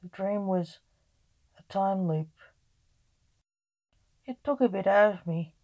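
A woman's voice: mid-range voice, slow, warm tone. A woman reading a weary Sandman. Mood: tired. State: weakened. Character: weary male Sandman, a father guarding dreams.

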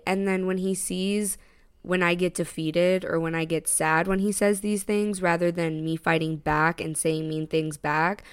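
A young woman with a smooth, clean-toned voice, chatting on a podcast. She tells the story with lots of energy, speaking both her own lines and her partner's. She swears freely and keeps saying "literally" and "girl.". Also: mid-range voice. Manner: animated storytelling, acts out both sides of a quarrel. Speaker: podcast co-host. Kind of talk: casual chat.

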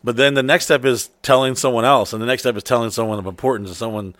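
A man's voice: mid-range voice, fast, dry recording, clean studio sound. Profane rambling middle-aged man. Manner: profane, rambling, animated storytelling. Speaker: podcast co-host. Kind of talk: crude casual chat.

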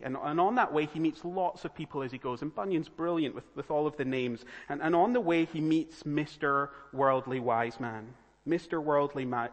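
A man preaching a sermon, earnest and pleading, building to urgent appeals to his listeners. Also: a little high. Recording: long reverb of a church hall.

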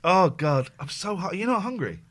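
A man's voice: high voice, sing-song, normal speed, a bit bright. A man hosting a live show in casual chat, with a jokey, rambling manner. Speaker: show host.

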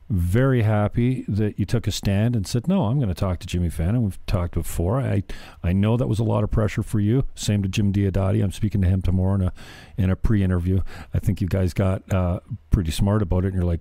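A man's voice: fairly low pitch, warm tone, no room sound. A middle-aged man hosting a casual podcast chat, earnest and prone to repeating his words as he restarts sentences. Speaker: podcast host.

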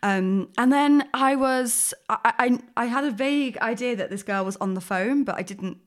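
A woman co-hosting a podcast, telling a story in a rambling, animated way full of fillers. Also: on the high side, normal speed. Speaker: podcast co-host. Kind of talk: casual chat, storytelling.

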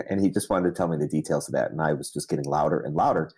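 A middle-aged man with a very low, husky voice tells stories in a relaxed, meandering way. He pokes fun at himself and chuckles as he goes. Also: fast. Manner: rambling, self-deprecating, laughs often. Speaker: interview guest, entrepreneur. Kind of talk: casual storytelling interview.

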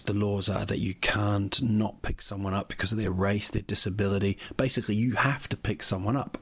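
A man's voice: lowish voice, creaky, slightly rough. A man, a comedian, telling a rambling, sweary comic story that keeps getting more worked up.

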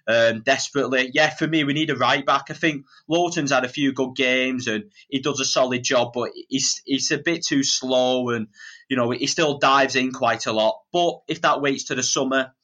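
A man of ordinary pitch chats as a podcast guest. He hesitates, restarts and keeps checking whether he's being fair. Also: fairly even intonation, moderate pace, bright, forceful tone. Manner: hesitant, many fillers and restarts, checks in with listeners. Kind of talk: casual podcast chat.

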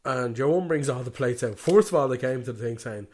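A man's voice: mid-range voice, animated, fairly quick, a little mellow. Man, Dublin Irish accent, young adult, laughing storyteller, casual podcast chat. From Ireland. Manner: laughing storyteller acting out quotes. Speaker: podcast co-host.

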